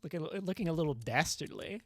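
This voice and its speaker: Gushy woman streaming a game, super bouncy pitch, dead dry mic. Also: brisk, no room sound, faint music behind. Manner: excitable, gushing, squeals and swears. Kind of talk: casual game stream commentary.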